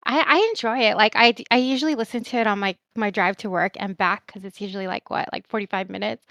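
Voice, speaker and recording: A woman's voice: mid-range voice, fast talker, a bit bright, dry recording. A woman guest on a podcast who streams, talking in easygoing, giggly casual chat.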